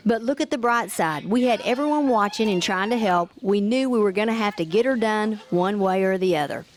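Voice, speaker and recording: A woman's voice: mid-range voice, expressive, fairly quick. A woman giving upbeat scripted narration for a show. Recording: voice-over with music behind.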